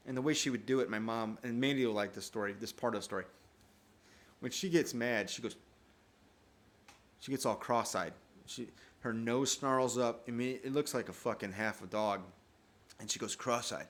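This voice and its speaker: A man hosting his own podcast, telling a childhood story with constant swearing. He is animated and laughs often, and his voice sits at an ordinary middle pitch. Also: a little fast. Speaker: podcast host. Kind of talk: casual personal storytelling.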